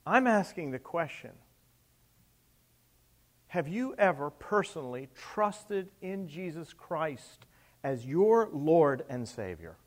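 A middle-aged male pastor preaching a sermon, emphatic, with rhetorical questions and swings between loud and soft. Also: a little high, sing-song, slow pace.

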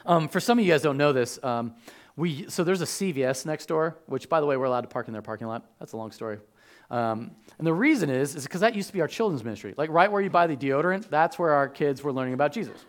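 A man preaching a sermon as a pastor, animated and joking, acting out the voices of biblical figures. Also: on the high side, fast.

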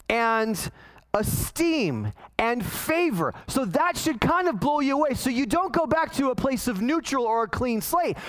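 A man's voice: very high voice, a bit bright, poor audio. A man in his forties preaching a conversational sermon, telling a self-deprecating family story with frequent restarts. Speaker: pastor.

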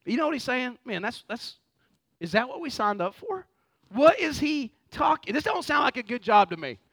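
A man preaching a lively, conversational sermon full of rhetorical questions. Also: extremely high pitch, normal speed, creaky, breathy edge, dry recording. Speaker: pastor.

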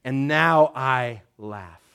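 A man in his thirties giving a sermon as pastor, conversational, with wry humor and slow, emphatic phrases. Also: medium pitch, sharp tone, clear, resonant tone.

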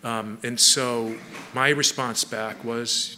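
A middle-aged man from Southern California giving a personal testimony to an audience, halting, with many restarts and repeated words. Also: lowish voice, sharp tone, a little hiss or hum. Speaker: speaker sharing testimony. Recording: long hall reverb, faint ambience.

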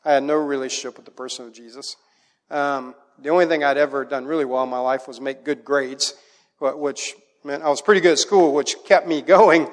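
A middle-aged man preaching a sermon, telling family stories with animated delivery. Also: mid-range voice, a little fast. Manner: animated storytelling, acts out a child's voice in quotes. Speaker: pastor. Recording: long hall reverb.

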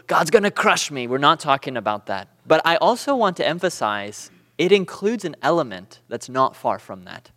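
A man from Southern California teaching a church Bible class, conversational and animated, with storytelling asides. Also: fairly high pitch, big-room sound.

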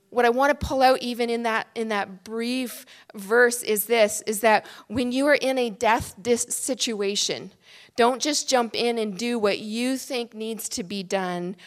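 A woman preaching at a retreat, earnest and emphatic, sometimes dropping to a hushed voice. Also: fairly high pitch. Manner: earnest, emphatic, drops to a hush for prayer. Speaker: retreat speaker. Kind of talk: sermon.

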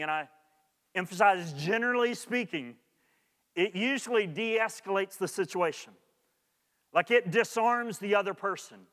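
A man's voice: high-pitched, fairly bright tone, in a large hall. A man preaching a sermon as pastor, earnest and repeating his key points for emphasis.

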